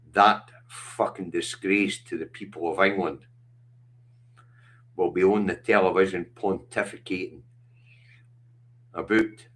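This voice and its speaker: A middle-aged Scottish man hosting a livestream, talking bluntly and passionately with lots of swearing. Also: deep voice. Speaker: livestream host. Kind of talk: casual chat.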